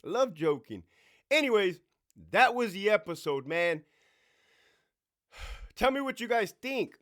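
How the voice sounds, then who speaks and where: A man's voice: sits high, sing-song, unhurried, fairly bright tone. A man in his forties, a former prison officer, hosting a casual, profane storytime monologue with sound effects and asides to himself. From California.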